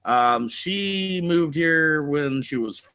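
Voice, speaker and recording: Bright-voiced laid-back male stoner host. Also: a little high, lively intonation, extremely slow, clear, resonant tone. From California. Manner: rambling, laid-back storytelling with frequent swearing. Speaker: channel host. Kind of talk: casual live-stream chat. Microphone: desk mic.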